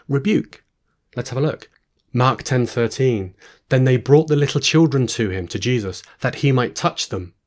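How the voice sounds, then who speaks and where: A man's voice: mid-range voice, darkish tone. Man teaching from scripture. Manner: reads scripture aloud, then explains with asides and restarts. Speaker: preacher. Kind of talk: Bible teaching talk.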